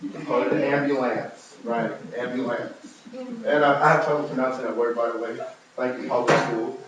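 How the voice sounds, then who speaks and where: A man's voice: fairly quick, highs cut off, a little hiss or hum. A young man from New York giving a personal testimony to a live audience, telling a family story with humorous asides. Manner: storytelling, humorous asides, animated rises in pitch. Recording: very echoey room, from far off.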